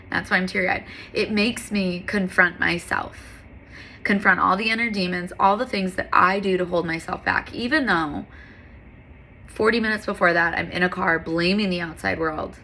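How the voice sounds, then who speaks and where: A woman's voice: lowish voice, pushed and bright. A woman yoga instructor talking in an earnest, candid, heartfelt monologue, with frequent fillers.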